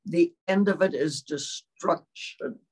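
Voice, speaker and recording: An older woman delivers a sermon at an unhurried pace. She speaks in measured phrases and keeps checking in with her listeners. She clears her throat now and then. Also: lowish voice, darkish tone. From China. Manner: measured, often checks in with "all right?". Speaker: preacher.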